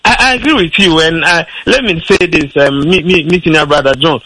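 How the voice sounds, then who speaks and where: A man speaks as a guest on a radio discussion, pressing his point hard through fillers and false starts. His voice sits a little high and sounds bright but husky. It is recorded close and dry, with no room sound. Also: a little fast, no room sound, rough recording. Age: adult with a school-age child. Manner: argumentative, many restarts and fillers. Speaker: radio talk show guest.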